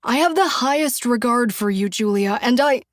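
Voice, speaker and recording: A woman's voice: on the high side, expressive, moderate pace, no room sound, clean studio sound, close to an everyday voice. A woman voicing a controlling man who built a synthetic wife, with a nasal, strained way of speaking in an audiobook thriller. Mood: pleading. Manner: controlled, then pleading and explosive.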